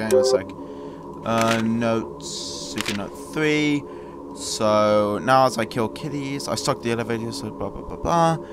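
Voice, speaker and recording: A young man commentating on a horror game, sarcastic and jumpy, shouting when startled. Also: mid-range voice, noisy background. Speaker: gameplay commentator.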